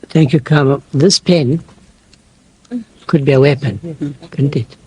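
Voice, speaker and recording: A man from South Africa, an official, giving a slow, measured statement with some fillers. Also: on the high side, fairly even intonation, warm tone.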